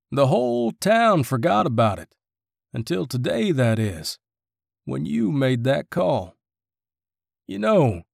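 A man voicing a middle-aged small-town constable who speaks in slow, veiled threats. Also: on the high side, vocal fry, a little mellow, dry recording, clean studio sound.

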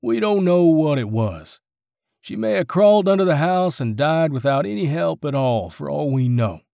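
A menacing small-town constable speaks slowly, laying down veiled threats, as a man puts him on. His pitch still moves around a lot. The sound is dry and close. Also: animated, creaky, dark tone, no room sound.

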